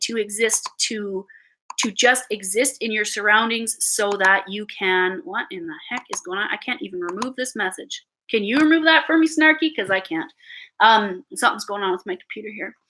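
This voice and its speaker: A woman's voice: on the high side, pushed and bright, a little hiss or hum. Chatty Canadian woman reading tarot. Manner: chatty, halting, repeats words. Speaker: tarot reader. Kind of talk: live-stream tarot reading.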